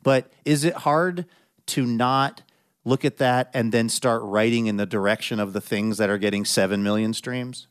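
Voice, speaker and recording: A man's voice: mid-range voice, moderate pace, clean tone, dry recording, clean studio sound. A man hosting a radio show, asking meandering, thoughtful interview questions.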